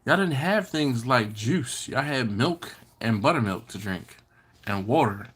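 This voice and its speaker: Male stream host, bright voice, casual and teasing while reading chat aloud. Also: medium pitch, lively intonation, unhurried, husky. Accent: Maryland. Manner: chatty, reads out viewer comments and teases them. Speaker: BBQ channel host. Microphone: computer or phone setup.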